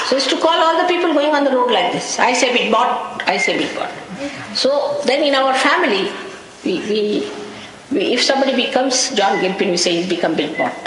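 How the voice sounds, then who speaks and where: A woman gives a wry, anecdotal spiritual talk to a gathering, breaking into small laughs as she tells stories. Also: fairly high pitch. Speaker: spiritual teacher. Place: lecture hall in London. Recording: echoey hall, faint hiss, 1985 archive tape.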